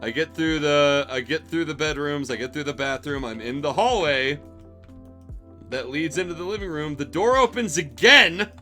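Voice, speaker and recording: This casual story comes from a young male streamer, exasperated and wry as he rambles, cursing, about a bad job. His fairly high voice sounds pushed and bright at a moderate pace, and soft music plays underneath.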